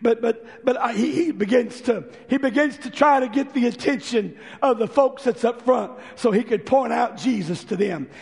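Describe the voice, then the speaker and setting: Hoarse, high-pitched preacher in a reverberant church. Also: male voice, normal speed, hardly any pauses, a little mellow. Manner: impassioned preaching, acts out the visitors' voices. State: hoarse, voice giving out. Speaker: pastor. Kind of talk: sermon.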